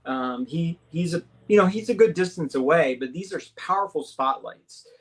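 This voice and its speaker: A man with a somewhat high voice, speaking at normal speed, tells a talk radio show about his abduction experience over a call-in or studio mic. Excited, he uses constant fillers and tag questions, and his pitch leaps up whenever he acts out someone's words.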